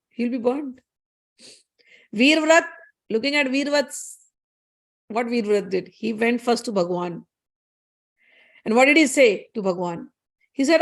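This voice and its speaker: A woman's voice: on the high side, vocal fry. A woman narrating a spiritual story in a conversational, explanatory way, with frequent restarts.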